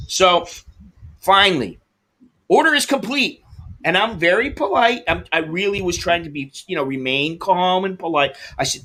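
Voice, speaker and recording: Annoyed guy ranting on his stream, swears a lot, bright slightly high voice. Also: moderate pace. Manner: exasperated, swears, acts out both sides of the calls. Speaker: livestream host. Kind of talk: casual storytelling and reading chat comments.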